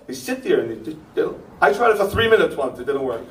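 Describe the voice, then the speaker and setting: A young man performing a stand-up comedy set, ranting with punchy asides and tagging jokes with a quick "okay?". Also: fairly high pitch, big pitch swings. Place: pop-up theater stage. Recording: roomy theater sound from far off.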